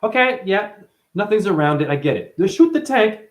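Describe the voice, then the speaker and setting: A man in chronic pain holds forth in a rambling spiritual monologue, leaping from one loose word link to the next. His mid-range voice swings widely, climbing into loud bursts and dropping to low, profane mutters. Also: very animated, normal speed. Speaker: spiritual talker.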